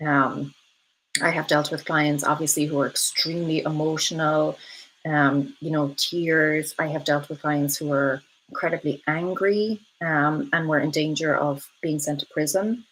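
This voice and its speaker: Woman, 30s, live-stream host, casual chat, somewhat low voice, lots of ums, laughs often. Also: fairly even intonation, a little slow, a bit bright, slight background noise, low-quality recording. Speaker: host of a live stream, reading viewer comments.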